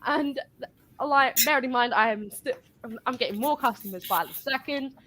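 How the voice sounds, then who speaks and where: A woman's voice: high voice, normal speed, sharp tone. A woman telling a work story in casual chat, rambling and swearing as she goes.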